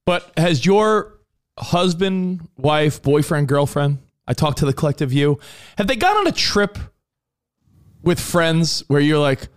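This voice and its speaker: A married man co-hosting a casual chat, telling rambling stories with animated bursts. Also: fairly high pitch, a little slow, clean tone. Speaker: co-host.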